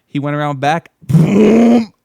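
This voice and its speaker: A man's voice: a little high, animated, takes it slowly, gravelly, dark tone, dry recording, clean studio sound. A man telling a long, rambling story on a podcast, swearing, laughing and acting out the people he quotes. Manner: acts out quoted voices. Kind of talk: casual storytelling. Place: podcast studio.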